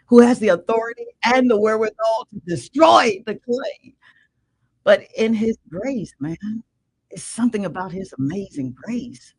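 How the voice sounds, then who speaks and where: In a mid-range, slightly mellow, husky voice, an older woman guest and radio show host shares an emotional testimony of her faith, preaching emphatically and addressing the listener as "man." The recording is dry and low in quality.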